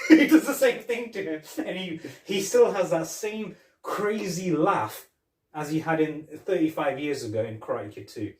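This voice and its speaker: Recorded from a distance in a roomy space, this podcast co-host has a slightly high voice and a moderate pace. He animatedly retells scenes in casual chat, quoting lines and laughing along the way.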